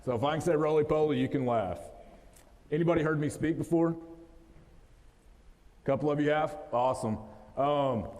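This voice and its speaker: Addressing a live audience in an event hall, a West Texas man in his thirties delivers a folksy, joking motivational talk in his local accent. His voice is a little high and a little mellow, at a moderate pace with frequent pauses. The recording carries long hall reverb.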